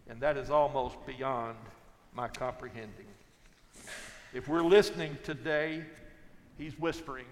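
An older man preaching a sermon, telling folksy stories and swinging from loud to hushed. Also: mid-range voice, fairly even intonation, unhurried, long pauses, long reverb tail. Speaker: pastor.

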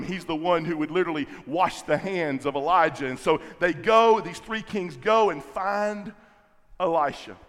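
Male pastor, fervent sermon, repeats phrases for emphasis, slightly high voice, long hall echo. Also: a bit bright.

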